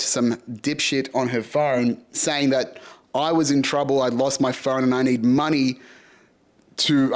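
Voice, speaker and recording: Young man, frank vlog talk, swears a lot, rambles and restarts. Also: mid-range voice. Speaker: podcast host. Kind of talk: casual personal vlog monologue.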